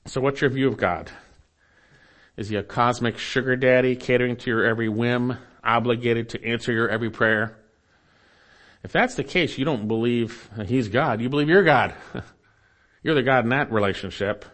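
A male pastor in the middle of a sermon, reading scripture and circling back to repeat his points with earnest emphasis. His voice sits at an ordinary middle pitch for a man. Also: normal speed, fairly bright tone. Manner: earnest preaching, repeats key phrases, reads scripture aloud.

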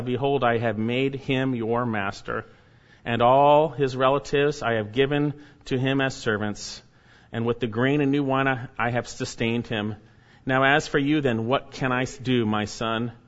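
A man preaching an expository sermon, reading scripture verse by verse and rising to loud, emphatic exhortation. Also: medium pitch. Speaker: pastor. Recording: dull lo-fi sermon recording.

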